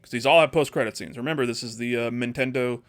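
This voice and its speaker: A man co-hosting a casual comedy podcast, excitedly pitching a movie plot and acting out character lines as he goes. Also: quick pace. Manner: animated storytelling, acts out character lines. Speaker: podcast co-host.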